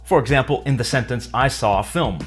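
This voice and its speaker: A man giving a scripted English lesson, explaining clearly with dry humor. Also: medium pitch, a little fast, soft background music. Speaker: English teacher. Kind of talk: scripted educational narration.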